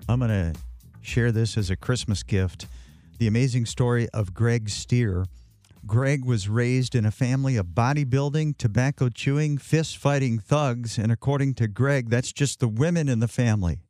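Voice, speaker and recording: A man's voice: medium pitch, moderate pace, mellow, no room sound, studio quality, soft background music. Enthusiastic male interview host. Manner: enthusiastic, emphatic. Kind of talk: interview conversation.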